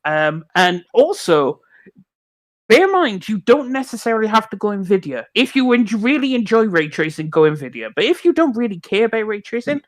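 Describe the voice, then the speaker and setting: A man with a high voice speaks as a panelist on a casual gaming podcast. He hands out blunt, offhand opinions in a relaxed chatty way. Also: normal speed, dry recording.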